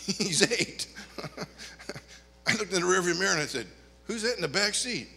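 Older guy preaching, high bright voice, joking and hollering, big echoey church. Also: unhurried, long pauses. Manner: animated preaching with joking asides and sudden loud outbursts. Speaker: pastor. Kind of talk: sermon. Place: church sanctuary. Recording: long hall reverb.

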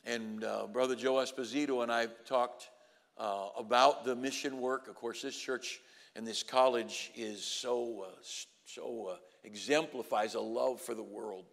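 A man's voice: medium pitch, fairly even intonation, unhurried, gravelly. Preacher man in a long-echoing hall. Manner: swings from quiet storytelling to loud, rising exhortation. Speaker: pastor. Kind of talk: sermon.

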